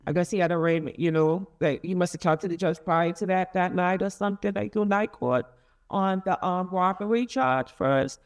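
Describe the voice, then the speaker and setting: A middle-aged woman in an interview, recounting a painful family story in a halting, emotional way with many restarts. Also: on the low side. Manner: emotional, rising and falling with feeling. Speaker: interviewee, mother of a convicted son. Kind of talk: emotional personal account in an interview.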